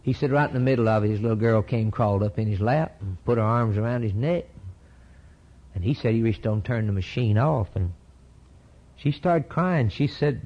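An earnest preacher, speaking in a low voice. He drives his sermon with building fervor. The recording is dull and lo-fi. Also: moderate pace. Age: 50s. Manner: earnest, rising to an impassioned high pitch at climaxes. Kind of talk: sermon with closing prayer.

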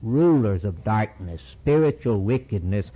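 A man's voice: lowish voice, expressive, measured pace, slightly rough, highs cut off. A man preaching a sermon with impassioned delivery, reading scripture aloud and voicing a prophet's prayer.

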